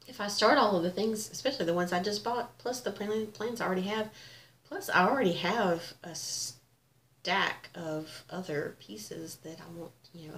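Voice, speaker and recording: A woman's voice: medium pitch, fairly bright tone. A middle-aged woman, chatting casually and gushing about her hobby. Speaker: cross-stitch vlogger. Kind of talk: casual chat. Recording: echoey room with faint ambience.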